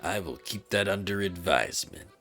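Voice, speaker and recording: A man's voice: low voice, expressive, moderate pace, vocal fry, pushed and bright, soft background music, exaggerated voice. A man reading a video game aloud, voicing a wry, understated detective close to his own voice. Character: dry-witted adult detective, patient.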